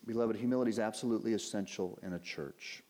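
A man's voice: on the low side, fast, dark tone. A male pastor preaching a sermon from the pulpit, earnest and emphatic, with many rhetorical questions. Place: church sanctuary at a pulpit.

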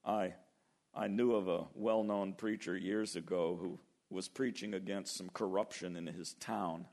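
A man preaching a sermon, animated, acting out biblical voices and slowing down to stress key words. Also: sits low. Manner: animated, acts out biblical voices, slows for emphasis. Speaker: pastor.

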